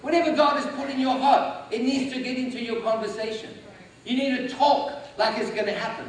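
High-voiced preacher in an echoey hall. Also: male voice, fairly even intonation, a little fast. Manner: emphatic, rising to loud declarations. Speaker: pastor. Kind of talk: sermon. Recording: echoey hall, mic at a distance. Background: congregation responding.

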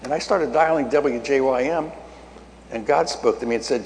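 An older man preaches in a folksy, storytelling way, acting out conversations and building to emphatic peaks. His voice sits at a middle pitch. A long reverb trails behind him in a large hall, with faint ambient noise underneath. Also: moderate pace, darkish tone. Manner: folksy, acts out dialogue, rising to emphatic peaks. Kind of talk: sermon storytelling.

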